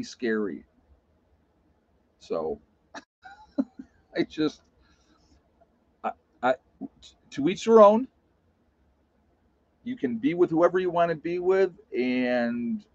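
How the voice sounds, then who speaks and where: A man's voice: mid-range voice, darkish tone, dry recording. A man hosting a casual live stream, talking bluntly and telling stories to his chat. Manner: blunt, plain-spoken storyteller. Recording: dull lo-fi sound.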